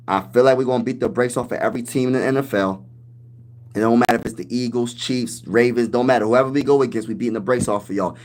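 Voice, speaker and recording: A man hosting a casual sports livestream, hyping his team with loud trash talk and reading viewers' comments aloud. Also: mid-range voice. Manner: hyped trash talk, reads chat aloud. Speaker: livestream host.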